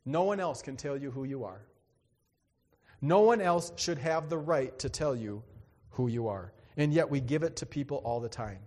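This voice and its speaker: A man's voice: mid-range voice, moderate pace, a little mellow. A man preaching a sermon, telling a personal story in an earnest, dramatic way and acting out the other voices. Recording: long hall reverb.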